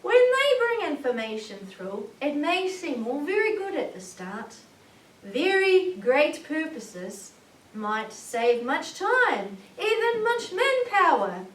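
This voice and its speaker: A woman channeling a jovial, earnest male alien star commander, preaching slowly and emphatically with rhetorical questions, in a roomy recording from a distant mic. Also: high voice, very animated, fairly bright tone, heavily acted. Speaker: spirit channeler. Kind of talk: channeled spiritual message.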